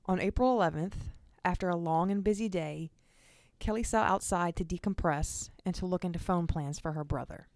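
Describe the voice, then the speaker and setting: A woman's voice: fairly low pitch, moderate pace, darkish tone, dry recording. A woman hosting a true crime podcast, narrating the case in an earnest, direct way and speaking to her listeners. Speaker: podcast host.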